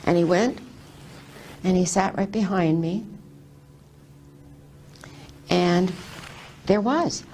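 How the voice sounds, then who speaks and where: An older woman telling a personal faith testimony, retelling it animatedly with lively quoted speech. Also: lowish voice, slow, long pauses, slight background noise. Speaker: testimony speaker.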